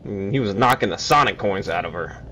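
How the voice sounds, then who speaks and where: A man chatting through a co-op game on stream, excitable and quick to curse and laugh. His pitch swings widely as he reacts. A faint hiss sits behind him. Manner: excitable, swearing, laughs often. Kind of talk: casual co-op gameplay chat.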